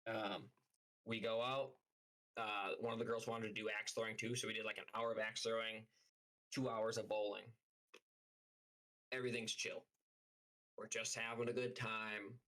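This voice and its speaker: A man's voice: lowish voice, level tone, moderate pace, long pauses, bright, forceful tone, rough recording. A young man casually telling a story on a live stream, rambling and swearing often, with lots of "like". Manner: profane, rambling, heavy use of "like".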